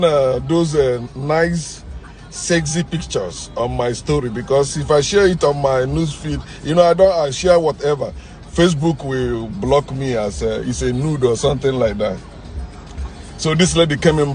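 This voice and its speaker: A Nigerian-accented man with a notably high-pitched voice rants straight to his audience, his delivery jumping from shouted outbursts down to low, muttered asides. Soft music plays faintly underneath. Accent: Nigerian English. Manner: emphatic, swings between loud outbursts and low muttering. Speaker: channel host. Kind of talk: ranting monologue.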